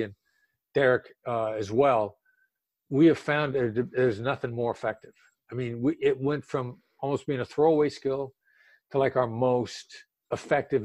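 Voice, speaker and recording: A man's voice: medium pitch, darkish tone, dry recording. An older man speaking as an expert guest in a casual interview, emphatic and drawing out words for stress.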